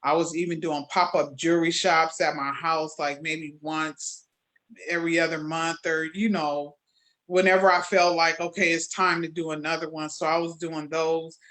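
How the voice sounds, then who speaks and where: A woman jewelry maker being interviewed, telling her story in a lively way and acting out the conversations she recalls. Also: deep voice, normal speed. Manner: animated storyteller, acts out quoted exchanges.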